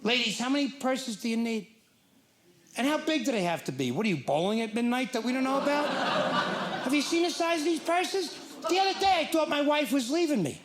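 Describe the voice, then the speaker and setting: A man with a fairly high voice tells wry, mock-exasperated stories on a comedy club stage. His handheld mic picks up the room's echo, and loud crowd noise sits behind him. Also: sing-song, brisk. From Ireland. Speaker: stand-up comedian. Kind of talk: stand-up comedy set.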